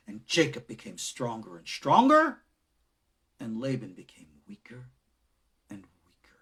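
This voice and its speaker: A middle-aged man, a rabbi giving a recorded lecture on Kabbalah, who swings from loud emphasis down to hushed whispers. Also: mid-range voice, huge pitch swings, a little slow, pauses often, breathy edge.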